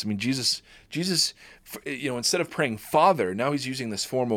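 A man giving an informal Bible teaching from home, reading scripture aloud and then explaining it in a relaxed way, with many fillers and restarts. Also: mid-range voice, moderate pace. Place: at home, birds audible.

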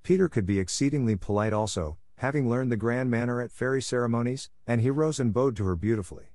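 A man narrating a classic children's story in a measured, even reading. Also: medium pitch, no room sound, studio quality.

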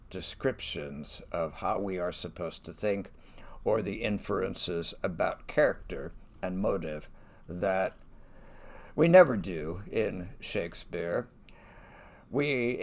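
A man with a low, gravelly voice talks through a play at a slow, deliberate pace. He reflects aloud like a teacher and lifts his voice for the quoted lines. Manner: unhurried, reflective, reads quoted lines with lifted voice. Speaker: podcast lecturer on literature. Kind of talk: lecture with dramatic reading.

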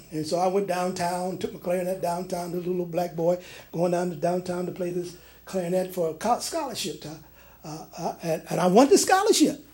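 A man preaching a sermon in a church. He moves between loud preaching and quiet personal stories, with many restarts. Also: sits high, normal speed. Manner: many restarts and fillers when telling stories.

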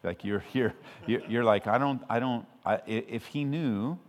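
A man from Southern California preaching a sermon as pastor, conversational with frequent restarts, swelling loud when he quotes scripture. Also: mid-range voice, normal speed. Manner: conversational and self-interrupting, with restarts. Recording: long hall reverb.

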